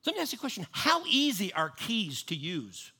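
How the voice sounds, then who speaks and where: A man's voice: high-pitched, huge pitch swings, fairly quick, gravelly, sharp tone, slightly rough. A man preaching a sermon in a conversational way, often repeating and restarting his words. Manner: conversational, repeats and restarts, acts out panicked voices.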